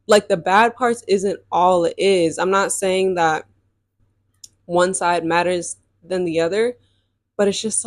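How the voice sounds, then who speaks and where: A woman's voice: medium pitch, dry recording, clean studio sound. A young woman hosting a podcast, telling a personal story in a casual, emphatic way full of "like" and "um". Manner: casual and emphatic, heavy use of "like" and "um". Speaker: podcast host.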